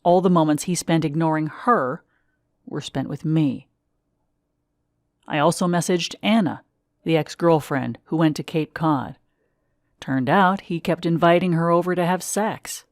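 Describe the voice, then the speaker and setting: A woman reads a first-person memoir aloud in a measured, expressive way. Her voice sits low, and it is recorded close and dry with no room sound. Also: no room sound. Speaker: audiobook narrator. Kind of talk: memoir audiobook narration.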